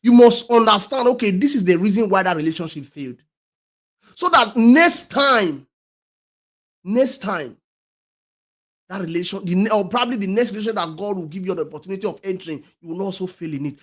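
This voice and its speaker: A man with a high-pitched voice delivers a motivational talk as a talk show host. He hammers his points with loud stresses and repetition, stumbling over restarts, and lets some phrases drop almost to a murmur. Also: expressive, moderate pace. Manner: emphatic, repeats key phrases, many restarts; swings between loud stresses and quiet trailing words.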